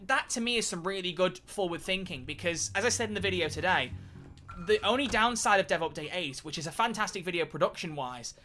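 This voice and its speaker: Brief: male streamer, bright forward tone, chatty and animated, casual swearing. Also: sits high, slight background noise. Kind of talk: casual live-stream chat while gaming.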